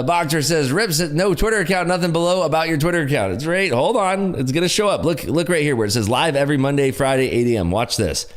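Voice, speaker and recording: A man with a loud, projecting voice hosts a casual day-trading livestream. His pitch swings widely as he reads out and answers viewer comments. He is upbeat and eager, with a voice made to fill a room. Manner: lively, enthusiastic, frequent laughs.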